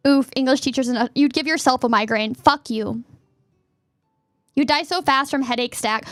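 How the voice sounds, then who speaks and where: A woman streamer chatting casually and reading questions aloud, giggly and playful, sometimes bursting into a yell. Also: high-pitched, fairly quick, no echo, studio quality, soft background music.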